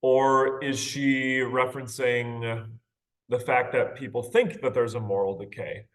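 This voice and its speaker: A man's voice: mid-range voice, fairly even intonation, a little slow, low-quality recording. A man teaching a literature class, reading passages aloud and discussing them casually, with frequent rhetorical questions and tag questions.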